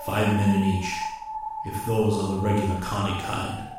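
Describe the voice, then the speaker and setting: A man's voice: sits low, very echoey, music in the background, natural voice. A man voicing a big, stolid Hawaiian male marine who speaks tonelessly. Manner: toneless, slow and flat.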